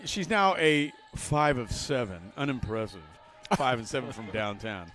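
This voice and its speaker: An older man doing live play-by-play for a college basketball game, jokey and excitable, with loud calls on big plays. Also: mid-range voice, a little slow. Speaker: play-by-play commentator. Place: courtside broadcast booth in a gym.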